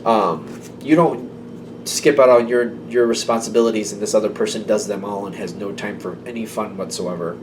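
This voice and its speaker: A man's voice: lowish voice, steady tone, normal speed, darkish tone, recorded from a distance, slight background noise. A man giving a casual tarot reading to camera. He talks in a loose, intuitive way, full of "like" and "um". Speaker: tarot reader.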